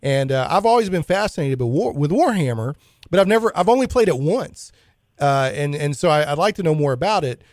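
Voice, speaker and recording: A man's voice: fairly high pitch, expressive, brisk, darkish tone, dry recording. A male radio show host talking in a casual, enthusiastic way, rambling a little and restarting his sentences while he interviews a guest in the studio.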